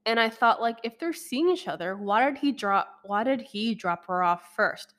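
A young adult woman telling a personal story in a casual vlog, rambling and animated, with frequent swearing and laughter. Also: a little high, moderate pace.

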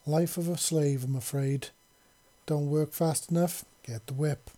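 A man voicing a scarred young human man who speaks softly. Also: on the high side, fairly even intonation, measured pace, lightly acted. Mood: bitter. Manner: soft-spoken.

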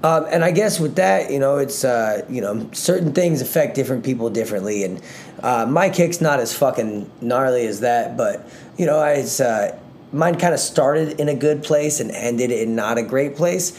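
A young man co-hosting a podcast, telling a long profane story in a rambling, animated way. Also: medium pitch, normal speed, a little hiss or hum. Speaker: podcast co-host. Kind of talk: casual storytelling chat.

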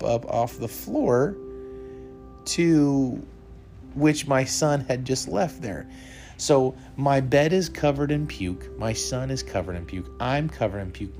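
A man's voice: medium pitch, dark tone. A young man hosting a podcast, telling a personal story earnestly and laughing now and then. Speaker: podcast host.

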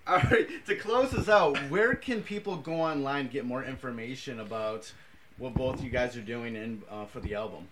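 A man interviews guests in a laid-back, easy manner. His voice is mid-pitched. Noise sits clearly in the background. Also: lively intonation, moderate pace. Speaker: interviewer host. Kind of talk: casual interview.

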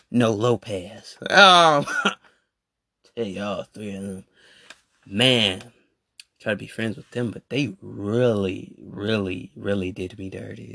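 A man ranting casually in a voice message, animated and repetitive with slang. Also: medium pitch, creaky, breathy edge. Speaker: podcast host. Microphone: phone voice message.

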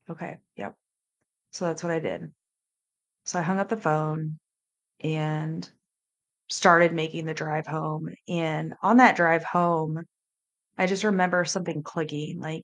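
A woman in her thirties, a life coach hosting a podcast, telling her personal story in a candid, emotional, halting way. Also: sits low, steady tone.

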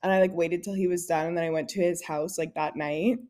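Woman co-host, low-pitched, chatty storyteller who leans on "like" and quotes people. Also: fairly even intonation, fairly quick, warm tone. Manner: storytelling with lots of "like" and laughter; acts out quoted lines in dialogue. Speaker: podcast co-host. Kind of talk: casual chat.

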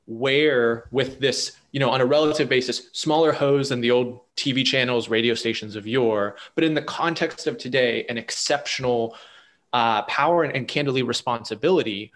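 A man's voice: mid-range voice, normal speed, fairly bright tone. A man interviewing a podcast guest, framing long, articulate, winding questions.

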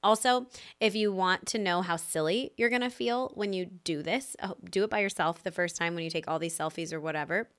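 A woman's voice: fairly low pitch, fairly quick, a bit bright. A woman in her thirties hosting a podcast, giving casual business advice in a chatty, upbeat way full of "like" and "right?". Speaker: podcast host and business coach.

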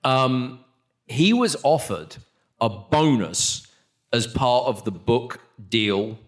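A man from England, a radio host, telling an anecdote in a casual, animated chat with some swearing. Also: mid-range voice, takes it slowly. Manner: chatty, swearing, animated storytelling.

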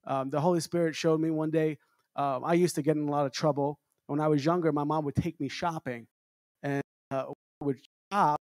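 Guy preaching, kinda high voice, chatty and story-ish, lots of amens, dry close sound. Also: fairly even intonation, a little fast, a little mellow, no room sound. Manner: conversational preaching with repeated amens. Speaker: traveling minister. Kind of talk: sermon.

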